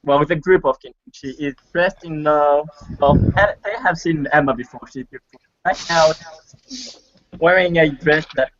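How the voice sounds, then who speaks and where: A man narrating a tabletop game as game master, halting with many fillers, in a dull lo-fi recording. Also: on the high side, a bit bright.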